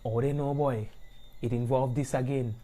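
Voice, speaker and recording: A man with a Grenadian accent hosting a live-stream talk show in an animated, chatty way, often checking in with his listeners. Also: mid-range voice, normal speed. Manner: animated and chatty, often asking "you understand?". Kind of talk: casual talk-show commentary.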